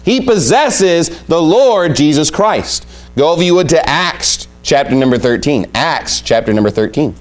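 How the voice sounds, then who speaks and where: A man's voice: a little high, animated, a little slow. A man preaching a sermon, emphatic and repeating his key points as he reads scripture aloud. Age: adult with young family.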